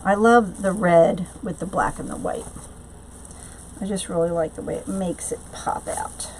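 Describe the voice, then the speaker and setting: A woman's voice: on the low side, measured pace, darkish tone, slight background noise, low-quality recording. A woman hosting a live-streamed craft tutorial from home, chatting loosely, answering viewers' comments aloud and often trailing off into fillers and restarts. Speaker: craft channel host.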